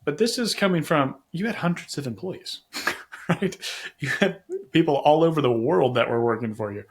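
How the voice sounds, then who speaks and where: A man's voice: fairly high pitch, lively intonation, moderate pace, husky. A man from Tennessee hosting an interview podcast, enthusiastic and affirming, telling stories in a casual way. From Tennessee, USA. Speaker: podcast host.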